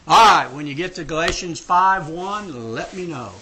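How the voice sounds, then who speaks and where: A man's voice: on the high side, moderate pace, sharp tone, a little hiss or hum. An older man in his sixties leading a Bible study class, joking and emphatic as he asks questions. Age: 60s. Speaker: Sabbath school teacher.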